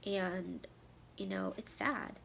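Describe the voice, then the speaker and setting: A tearful woman in her thirties speaks openly to the camera, her voice gravelly with vocal fry. At times she drops to a near whisper. A faint hiss sits under her voice. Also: medium pitch, fairly even intonation, slow, a bit bright. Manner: emotional, heartfelt, voice dropping to a near whisper at times. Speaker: vlogger. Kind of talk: candid personal talk to camera.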